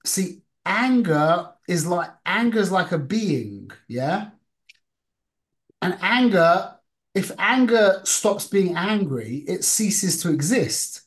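A man giving an informal Torah class, talking conversationally, asking the group questions and mixing Hebrew and Yiddish terms into his English. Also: sits high. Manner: asks the listeners questions. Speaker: Torah teacher.

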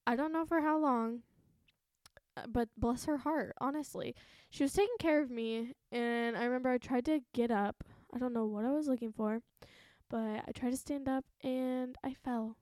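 A woman's voice: a little high, steady tone, moderate pace, a little mellow, no room sound, studio quality. A woman in her twenties hosting a podcast, telling a story in a chatty, profane way and laughing often. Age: 20s. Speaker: podcast host. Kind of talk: casual storytelling.

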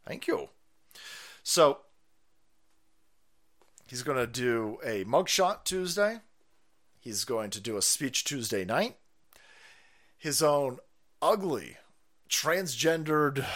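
A man's voice: mid-range voice, a bit bright. A man hosting a livestream, ranting crudely and mocking people, laughing often. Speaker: livestream host. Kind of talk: profane political rant stream.

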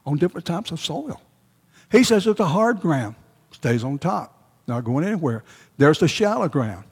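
A man's voice: fairly high pitch, big pitch swings, moderate pace, breathy edge, in a large hall. A male pastor preaching a sermon, emphatic and repeating his key phrases for weight.

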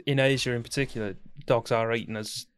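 A man's voice: medium pitch, steady tone, brisk, smooth, dry recording, studio quality. A man co-hosting a podcast, telling stories bluntly with casual swearing. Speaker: podcast co-host. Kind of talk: casual banter.

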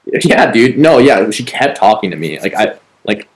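With a lowish, sing-song voice at a moderate pace, this podcast co-host rambles through a story. It's casual, profane and heavy on fillers, and the recording is rough.

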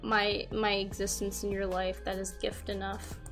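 A woman's voice: mid-range voice, level tone, moderate pace, over music. A woman co-hosting a casual group chat, teasing her friends in a playful way. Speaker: co-host.

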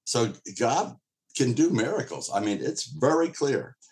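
A pastor teaching a Bible passage to an online group in a casual, conversational way, often repeating words and restarting phrases. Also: male voice, mid-range voice, expressive, unhurried, a little mellow. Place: streamed church teaching session.

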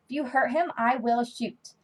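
A woman's voice: fairly high pitch, steady tone, normal speed, slightly rough. A woman voicing a cocky, teasing but protective male chipmunk, reading plainly in her own voice. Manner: plain read-aloud delivery.

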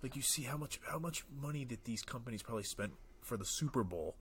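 A man's voice: mid-range voice, animated, fast, slight background noise. A man who is a guest on a casual sports podcast, talking in a rambling, easygoing way.

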